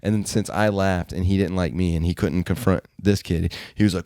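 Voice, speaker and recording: A man's voice: deep voice, fairly even intonation, fast, few pauses, a little mellow, smooth, dry recording, clean studio sound. A man on a podcast telling rambling stories in a loose, casual way, swearing often and using lots of fillers. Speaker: podcast host. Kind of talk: casual storytelling.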